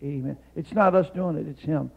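A male guest preacher and missionary giving a Pentecostal sermon in a church, climbing to shouted peaks, then dropping into calm storytelling, with "amen" and "hallelujah" scattered throughout. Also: fairly high pitch, vocal fry, husky, lo-fi sound. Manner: fills pauses with "amen" and "hallelujah". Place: church sanctuary.

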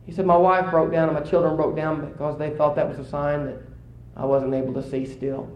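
A male preacher delivering a sermon during a church service. He tells a story and rises to excited, high-pitched exclamations. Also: brisk, reverberant, muffled recording.

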